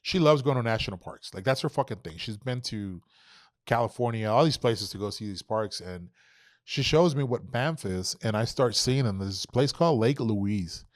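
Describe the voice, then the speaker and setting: A young adult man, a podcast guest, telling an animated, profane story and acting out quoted dialogue. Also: on the low side, normal speed, no room sound, studio quality. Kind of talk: casual storytelling.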